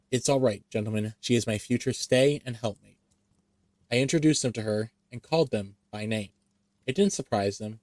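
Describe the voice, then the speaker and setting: A man's voice: medium pitch, a little mellow, dry recording. A man reading a classic story aloud expressively, with occasional slips. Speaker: reader.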